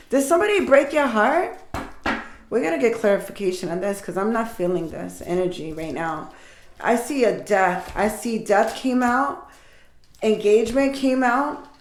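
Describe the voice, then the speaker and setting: A woman, likely middle-aged, giving an intuitive tarot reading and speaking warmly and directly to her listeners as if comforting them. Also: a little high. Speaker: tarot reader. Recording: echoey room.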